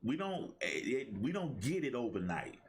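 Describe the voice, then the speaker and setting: A man's voice: mid-range voice, big pitch swings, moderate pace, a little hiss or hum. A middle-aged man hosting a motivational livestream, talking in a preachy call-and-response style. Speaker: host and life coach.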